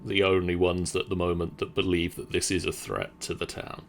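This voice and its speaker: A man's voice: low voice, flat delivery, gravelly, a little hiss or hum. A man doing an earnest town soldier. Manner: slow, dutiful, clumsily attempted accent. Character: earnest male human soldier from a town militia.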